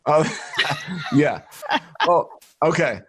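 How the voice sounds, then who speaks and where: A man from New York, a podcast guest telling personal stories in an animated way and acting out the dialogue. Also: a little high, drawn-out words, breathy edge. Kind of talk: storytelling interview.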